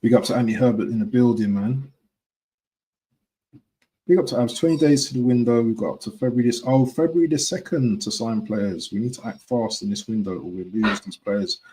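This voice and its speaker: A man chatting on a live stream at an everyday mid pitch. He rambles and restarts, checks in with his viewers with "yeah?", and keeps the tone loose and unscripted. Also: brisk, dark tone, low-quality recording. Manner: chatty, repeats himself, keeps asking "yeah?". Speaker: football fan streamer. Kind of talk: casual live-stream chat.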